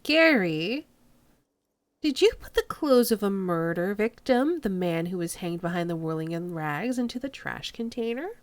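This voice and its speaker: A woman's voice: medium pitch, animated, moderate pace, no echo, natural voice. A woman voicing a blunt male detective who asks pointed questions of a suspect. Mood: probing.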